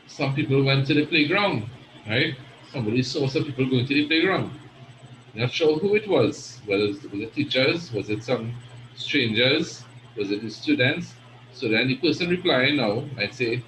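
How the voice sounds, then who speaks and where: A man's voice: mid-range voice, sharp tone. A man teaches an Arabic grammar lesson, patiently walking his students through each point and checking in with "right?" after each one. His voice sits in a middle range. The recording has a roomy echo and a faint hum of ambience behind it. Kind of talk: online class lesson.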